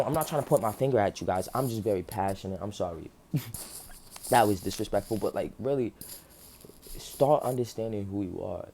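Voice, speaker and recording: Earnest low-voiced man near tears. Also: expressive, fairly quick, dark tone, a little hiss or hum. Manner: earnest, passionate, many fillers like "like". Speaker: faith vlogger. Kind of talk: emotional motivational monologue.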